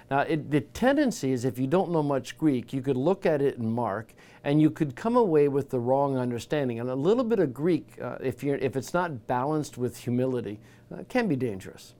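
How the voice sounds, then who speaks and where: A man giving an informal Bible teaching talk, conversational, getting animated when he acts out the disciples. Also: medium pitch.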